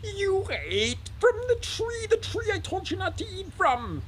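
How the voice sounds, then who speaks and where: A man voicing an exasperated, quick-tempered male God in a raised, strained voice that breaks into shouting. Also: on the high side, huge pitch swings, vocal fry, slight background noise, voice pushed up, full character voice. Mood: furious.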